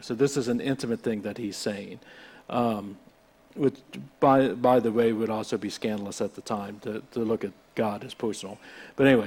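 A man pastor giving an informal sermon in a chatty, rambling way, slowing down to read scripture. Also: medium pitch, darkish tone. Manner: conversational, rambling with restarts, reads scripture slowly.

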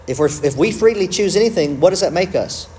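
A man's voice: high voice, animated, brisk, mellow, slight background noise. Conversational man teaching a class. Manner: conversational, self-interrupting with humor. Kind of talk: church teaching talk.

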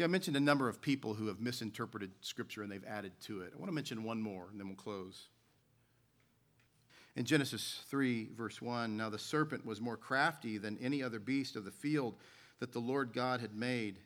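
Casting: bright, clear-toned male pastor, earnest storytelling sermon delivery. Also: medium pitch. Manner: earnest, storytelling preacher who reads scripture aloud.

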